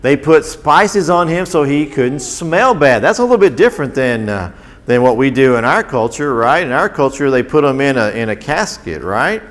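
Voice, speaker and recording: Animated man telling Bible stories. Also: mid-range voice, normal speed. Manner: animated, asks children questions. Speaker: children's Bible class teacher. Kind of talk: Bible storytelling to children.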